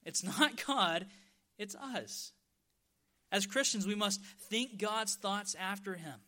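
A male pastor delivers a sermon. His voice sits high and sounds bright and forceful, and he slows right down on the words he wants to land. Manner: emphatic preaching, stretches key words slowly for stress.

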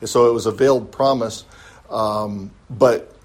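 A man teaching a Bible study class, pausing often with fillers and restarts, and answering questions politely. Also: on the low side, steady tone, darkish tone. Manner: halting, many fillers and restarts; polite, answers with "yes, ma'am".

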